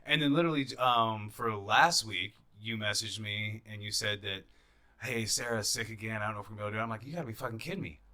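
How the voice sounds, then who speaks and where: A man's voice: on the low side, steady tone, quick pace, bright, forceful tone. A man who is a podcast guest, congested with a lingering cough, joking and self-mocking in casual chat. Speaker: podcast guest, camera operator.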